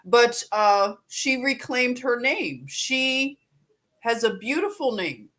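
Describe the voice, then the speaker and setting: A woman's voice: fairly high pitch, animated, takes it slowly, fairly bright tone. A woman hosting a live stream, chatting casually and greeting viewers by name with easy laughs.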